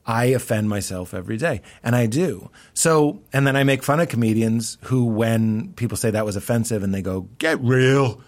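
A man who is a comedian, talking in a casual podcast chat, excitable and laughing, jumping up in pitch when he acts out quotes. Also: moderate pace, hardly any pauses. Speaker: comedian guest.

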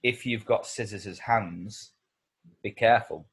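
A man's voice: on the low side, measured pace, breathy edge. A man co-hosting a podcast in casual chat, who laughs easily and talks with animation. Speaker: podcast co-host.

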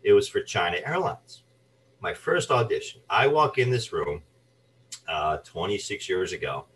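A man with a low voice recounts his acting career as a guest. He tells stories with energy and briefly puts on the voices of the people he quotes. He sits a little back from the microphone. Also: unhurried, distant mic, rough recording. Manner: animated anecdotes, acts out quoted voices. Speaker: guest, actor and voice artist. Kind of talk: storytelling interview chat.

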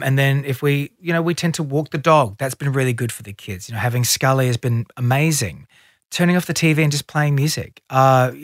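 A man's voice: a little high, no room sound, clean studio sound. A middle-aged man, a guest in a casual interview, telling stories and acting out what others said. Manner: animated storyteller, acts out quotes.

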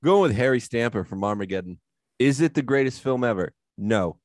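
A man's voice: mid-range voice, expressive, fairly quick. A man co-hosting a casual podcast chat, sarcastic and mock-dramatic, swearing freely. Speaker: podcast co-host.

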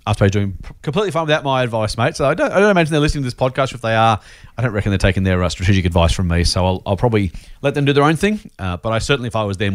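A man's voice: fairly low pitch, dry recording. A man co-hosting a casual investing podcast. He is chatty and self-deprecating and often repeats his words. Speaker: podcast co-host.

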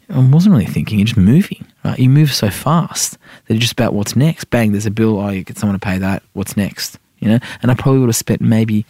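Casting: middle-aged Aussie male guest, rapid rambler, lowish voice, dry studio sound. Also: darkish tone, no room sound. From Iran. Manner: rapid, rambling, heavy fillers, asks "right?" often. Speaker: senator and podcast guest. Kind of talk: casual interview chat.

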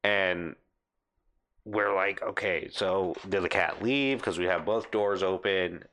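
A young man telling a funny work story in casual chat, animated, laughing and swearing, acting out what people said. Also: low voice, slow, slight background noise. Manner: animated, laughing often, swearing, acts out quotes.

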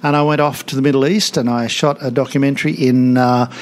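A man's voice: mid-range voice, fairly even intonation, brisk. A man in his seventies, a guest telling anecdotes in a studio interview, chatty and laughing often, with many restarts. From Australia. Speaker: guest, TV comedian and author. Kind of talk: casual interview storytelling.

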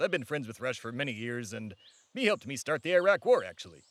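A man's voice: mid-range voice, very animated, brisk, a bit bright, no echo. A man hosting a satirical comedy podcast in a pompous, blustering character voice.

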